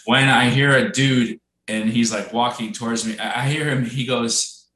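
A man's voice: mid-range voice, fairly even intonation, moderate pace, fairly bright tone, echoey room, slight background noise. A man co-hosting a casual podcast, telling a story with lots of restarts and acted-out quotes. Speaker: podcast co-host.

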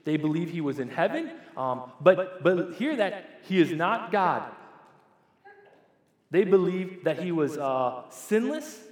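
A man's voice: sits high, big pitch swings, takes it slowly. A man in his forties, a pastor preaching a sermon in a church, talking conversationally and putting questions straight to the congregation. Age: 40s. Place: church sanctuary. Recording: echoey church hall with long reverb.

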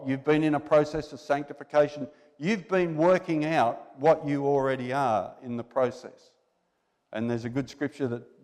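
A man's voice: on the high side, darkish tone. Exhorting male preacher in a reverberant hall. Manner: exhorting, conversational, with rhetorical questions. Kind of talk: sermon. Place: church hall. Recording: long reverb in a church hall.

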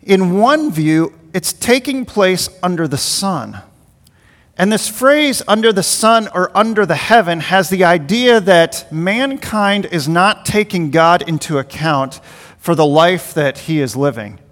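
A man's voice: high-pitched, expressive, measured pace, a bit bright, long reverb tail. A man pastor preaching a sermon in a conversational, storytelling way.

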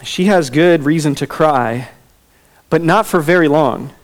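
A man preaching a sermon in a relaxed, conversational way, with casual fillers and asides. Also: fairly high pitch, a little slow. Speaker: pastor.

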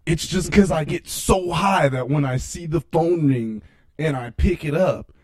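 A man's voice: on the high side, measured pace. A man hosting a casual podcast, teasing his friends with crude jokes.

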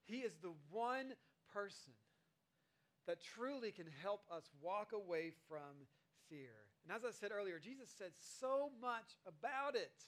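A man in his thirties giving a sermon as a pastor, conversational and animated, often acting out quoted voices. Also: high voice, unhurried.

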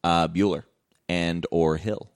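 A man's voice: slow pace, clear, resonant tone, dry recording, clean studio sound. A man co-hosting a casual sports podcast, joking and laughing often as he talks. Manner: joking, laughs often, animated jumps in pitch. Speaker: podcast co-host.

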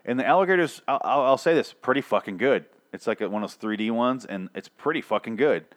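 A man's voice: medium pitch, expressive, quick pace. Profane, exasperated man ranting. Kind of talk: casual comedic rant.

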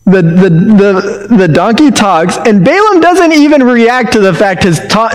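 Lively man in an echoey room. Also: high voice. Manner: conversational, joking, with frequent restarts. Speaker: Bible teacher. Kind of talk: casual devotional Bible reflection.

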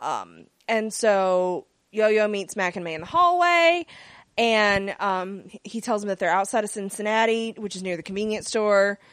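A woman's voice: medium pitch, normal speed, fairly bright tone, clean tone, no echo. A woman in casual chat, recapping an episode in a rambling way with many fillers. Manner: rambling, lots of fillers and laughs. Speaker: podcast co-host recapping a TV episode.

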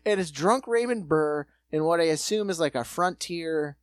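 A man co-hosting a casual comedic chat, animated and mocking, slipping into quick goofy impressions. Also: a little high, no room sound. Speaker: podcast co-host.

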